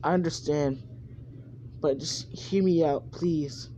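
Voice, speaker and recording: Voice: mid-range voice, takes it slowly, dark tone, slight background noise, lightly acted, rough recording. A fan narrator voicing a young female ninja who pleads with someone she has hurt. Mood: pleading.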